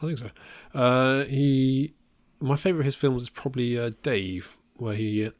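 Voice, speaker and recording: A man's voice: medium pitch, steady tone, moderate pace, no echo. An English man co-hosting a film podcast in casual chat, dry and joking, often stumbling over restarts. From England. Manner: stammering restarts, dry humour, frequent laughs. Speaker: podcast co-host.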